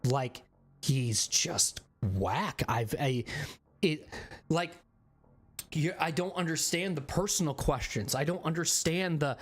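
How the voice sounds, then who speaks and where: A man's voice: a little high, unhurried. Profane, rambling male streamer ranting. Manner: profane, rambling, animated storytelling. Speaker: game streamer. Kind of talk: ranting casual chat to stream viewers.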